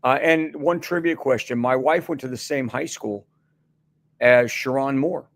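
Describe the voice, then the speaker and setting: A man's voice: mid-range voice, a little slow, fairly bright tone. A middle-aged man as a guest on a sports radio show, chatting casually and rambling with many restarts and fillers.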